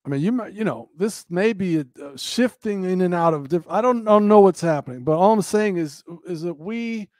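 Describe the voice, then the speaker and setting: High-voiced man, impassioned monologue. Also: animated, a little fast, hardly any pauses, darkish tone, dry recording. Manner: earnest, preacherly, repeats phrases for emphasis.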